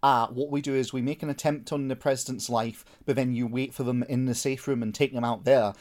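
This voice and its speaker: A man's voice: medium pitch, fairly even intonation, a little fast, a little mellow. Blunt, mocking man summarizing a plot. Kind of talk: casual film review chat.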